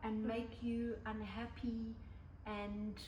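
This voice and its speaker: Older woman co-host, measured and advice-giving, mic set back in an echoey room with faint hiss. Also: on the high side, flat delivery, dull audio. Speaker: podcast co-host. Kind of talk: casual chat. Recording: roomy, distant mic, faint noise.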